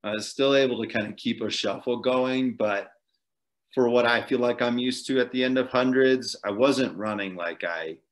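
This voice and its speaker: A man's voice: mid-range voice, normal speed. A man being interviewed on a podcast, recounting a long race in a loose, rambling way with frequent chuckles and fillers. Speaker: podcast guest, ultrarunner. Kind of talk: casual storytelling interview.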